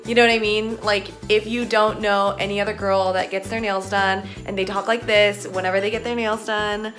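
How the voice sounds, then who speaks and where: A woman's voice: medium pitch, flat delivery, moderate pace, a bit bright, soft background music. Chatty young woman vlogger. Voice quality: chatty, lots of filler words. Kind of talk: casual vlog chat.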